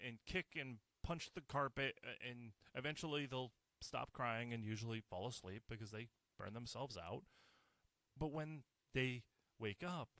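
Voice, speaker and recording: Male host, mid-pitched, profane ranting monologue. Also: sharp tone, no echo. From United States. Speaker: podcast host. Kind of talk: casual solo monologue.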